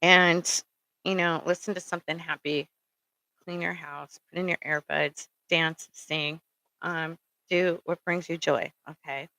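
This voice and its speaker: A woman's voice: low voice, steady tone, measured pace, gravelly, sharp tone, no echo, low-quality recording. A middle-aged woman giving rambling, casual spiritual advice, full of ums and checking in with "okay?". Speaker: spiritual speaker.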